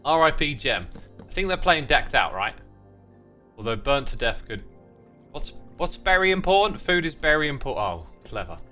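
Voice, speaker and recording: A man with a bright, clear voice chats casually while he plays a game on a live stream. He reads viewer messages aloud and thanks supporters between thoughts. Soft music runs quietly behind him. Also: a little high, very animated, moderate pace. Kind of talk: casual livestream chat while playing.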